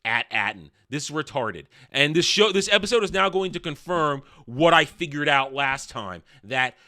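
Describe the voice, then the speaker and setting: A man's voice: a little high, expressive, moderate pace, pushed and bright. A man giving a ranting video review of a TV show, sarcastic and scornful in his delivery. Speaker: film and TV reviewer.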